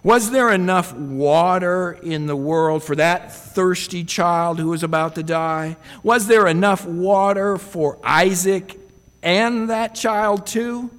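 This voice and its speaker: A man's voice: high-pitched, slow pace, a bit bright, big-room sound. A man preaching a sermon in a reflective way, often putting rhetorical questions to his listeners.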